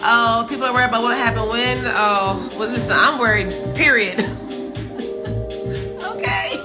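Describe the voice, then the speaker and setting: A livestream host with a fairly high, animated voice chats at normal speed over music. Still in her morning voice, she greets viewers from home in a casual, upbeat way, laughing frequently.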